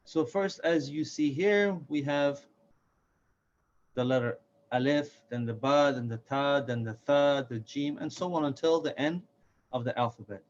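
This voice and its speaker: A man's voice: a little high, measured pace. A man teaching a recorded reading lesson, patiently repeating each letter sound for learners. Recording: dull lo-fi recording.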